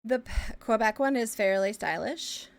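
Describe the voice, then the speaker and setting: A woman from Ontario, chatting casually as a live streamer while she draws. She thinks aloud with many fillers and often trails off into quiet mumbles. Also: on the high side, animated, normal speed, vocal fry. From Canada, Ontario. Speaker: live streamer and pixel artist. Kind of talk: casual chat while drawing.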